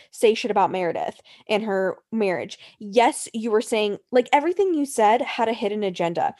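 High-voiced woman ranting in casual chat. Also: dark tone. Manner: heated, profane ranting with mocking quotes.

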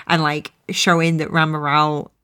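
A woman co-hosting a casual podcast, easygoing and quick to laugh. Her voice sits on the low side for a woman. She talks loosely, with frequent filler words. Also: level tone, pushed and bright, clear, resonant tone. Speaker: podcast co-host. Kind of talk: casual chat about an anime.

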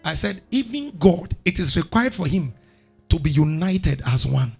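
Gravelly high-voiced preacher. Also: male voice, big pitch swings, normal speed, soft background music. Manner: call-and-response preaching, rising to loud exhortations. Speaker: pastor. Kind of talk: sermon.

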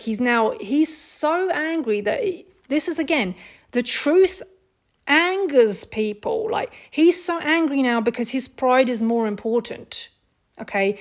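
Aussie woman doing a casual bible lesson, kinda high voice, earnest, lots of "like" and questions at you. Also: darkish tone. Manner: earnest, emphatic, with rhetorical questions and frequent "like". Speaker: Bible teacher. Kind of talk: informal Bible teaching.

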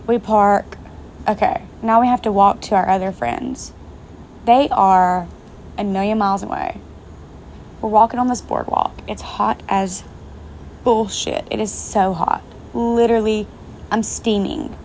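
A young woman casually tells her viewers a story, addressing them directly, chatting away and cursing freely. Her mid-range voice is darkish and fairly even in intonation, moving a little slowly, and the recording has faint rain plus a touch of hiss or hum.

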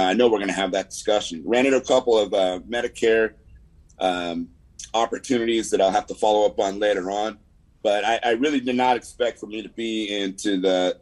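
On a low-quality video call, a man with a lower voice and a Southern Californian accent, from the San Fernando Valley, gives his weekly insurance sales report. The update is rambling and relaxed, packed with fillers and the word "man."

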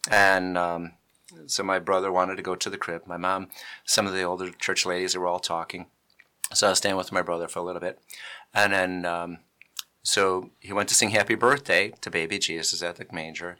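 A man telling a personal story in a casual chat, animated and acting out the people he quotes. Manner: animated, acts out quotes with big pitch jumps.

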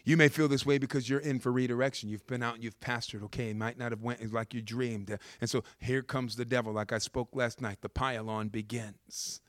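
A man's voice: medium pitch, fairly even intonation, a little fast, hardly any pauses, no echo, clean studio sound. A man preaching a sermon, telling the story with humor and repeating words for emphasis.

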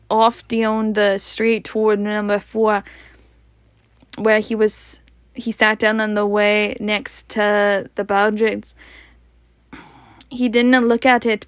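Woman, storybook reader, slow and halting, stumbles and rereads, close dry sound. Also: medium pitch, clean tone, dry recording. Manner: halting, stumbles and rereads words, laughs at slips. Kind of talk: reading a storybook aloud.

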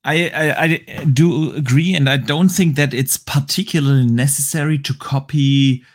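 A man's voice: medium pitch, fairly even intonation, normal speed. A man hosting a gaming podcast, enthusiastic and casual, often repeating words while he thinks. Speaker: host.

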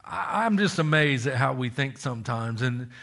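A man's voice: medium pitch, lively intonation, moderate pace, creaky, a bit bright. A man preaching a sermon, reading scripture and pressing the point with emphatic questions and calls for amens.

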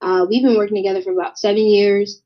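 A woman's voice: mid-range voice, quick pace. A young woman, a singer, telling a story in a casual interview, acting out the voices of the people in it. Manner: animated, acts out voices in her anecdotes. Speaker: guest artist. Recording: dull lo-fi sound.

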